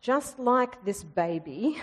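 A woman preaching a sermon, lively and storytelling, with humorous asides. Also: fairly high pitch, slow, in a large hall.

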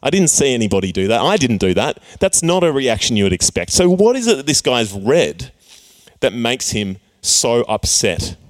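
A man's voice: medium pitch, very animated, moderate pace. A young man preaching a casual youth sermon, playfully acting out characters and joking with his listeners. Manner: playful, acts out characters with jokey voices. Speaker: youth pastor.

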